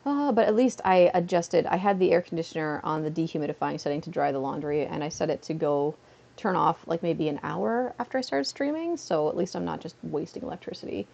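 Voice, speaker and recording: A Canadian woman, seated on a beanbag at home, makes casual livestream chatter full of rambling and "like" fillers. She speaks briskly in a low voice that is a little mellow, with vocal fry. The recording is muffled.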